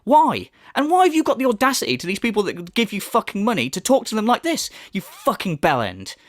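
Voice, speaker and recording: A man's voice: high voice, wildly swooping pitch, a little fast, no echo, clean studio sound. A man giving an angry, profane commentary rant, mocking his subject as he goes. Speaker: commentary youtuber. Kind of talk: ranting commentary.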